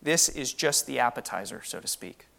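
A man's voice: medium pitch, expressive, normal speed, creaky, a bit bright. A man preaching a sermon on the Lord's Supper, earnest and emphatic, asking the congregation rhetorical questions.

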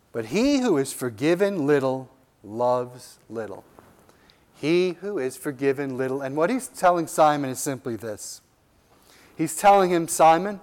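A man's voice: medium pitch, a little mellow. A man preaching a sermon with emphatic delivery, repeating key lines and letting his voice rise and drop sharply. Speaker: pastor.

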